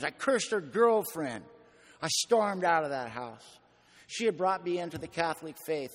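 A man's voice: fairly high pitch, fairly bright tone. An older man telling his own story at a recovery meeting, in a folksy, colloquial and earnest way. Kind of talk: personal storytelling testimony. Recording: long hall reverb.

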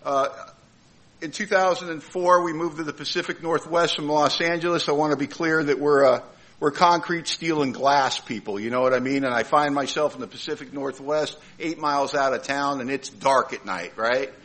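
Bright-voiced man telling a heartfelt story. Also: a little high, steady tone, normal speed, rough recording. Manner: heartfelt, humorous storyteller with comic timing. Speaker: speaker at a recovery meeting. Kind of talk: personal storytelling talk.

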